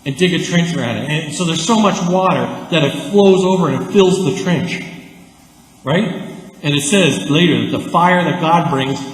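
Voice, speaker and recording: A man from Canada preaching a sermon as pastor, conversational and animated, with lively asides. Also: fairly high pitch, moderate pace. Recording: echoey church hall.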